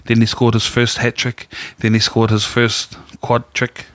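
A New man chats in a relaxed, rambling way, full of slang and asides. His voice sits at a middling pitch and is recorded dry and close, with no room sound. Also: unhurried, dry recording. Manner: rambling storyteller, laid-back slang. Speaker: podcast co-host. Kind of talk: casual chat.

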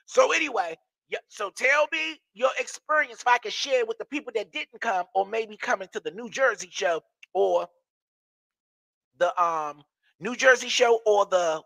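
A man's voice: high voice, gravelly, sharp tone, no echo. A man with a Washington, DC accent hosting a live stream, reading viewer comments with brassy, profane, sassy banter.

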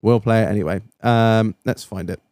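Sweary, upbeat podcast host. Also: male voice, fairly low pitch, moderate pace, heavy background noise. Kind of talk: casual chat.

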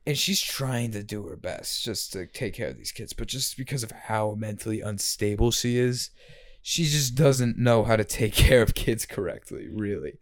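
A man co-hosting a casual podcast chat about a film, rambling and animated, slipping into loud impressions. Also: on the low side, moderate pace, no room sound, clean studio sound. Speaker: podcast co-host discussing a film.

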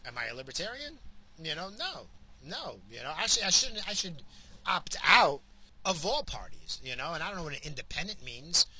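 A worked-up man in a heated, profanity-laced rant. His voice is very bright and cutting, and his pitch swings widely as he presses his points. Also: brisk. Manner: profane, heated, ranting then calmer. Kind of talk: angry political rant.

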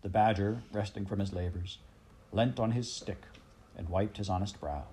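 Male audiobook narrator; low-pitched, measured, expressive reading. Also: a little hiss or hum.

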